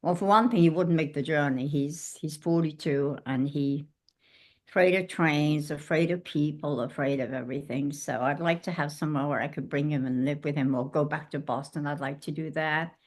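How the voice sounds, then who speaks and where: A British woman in her eighties, from England, telling lively stories as a guest in an interview and acting out the dialogue in them. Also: low-pitched, moderate pace. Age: 80s. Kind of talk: casual interview storytelling.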